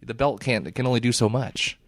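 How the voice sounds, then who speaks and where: A man co-hosting a podcast in casual chat, animated and laughing often, trailing off mid-sentence. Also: medium pitch, a little fast, no room sound. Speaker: podcast co-host.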